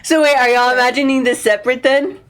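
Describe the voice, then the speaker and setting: A woman's voice: sits high, fairly even intonation, fast talker, crowd noise. Laughing woman podcast host. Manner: laughs often, poses hypothetical questions. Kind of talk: casual chat.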